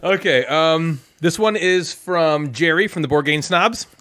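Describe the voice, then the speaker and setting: A man hosting a casual podcast, jokey and quick to laugh. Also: on the high side. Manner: jokey, animated, bursts of laughter. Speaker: podcast host.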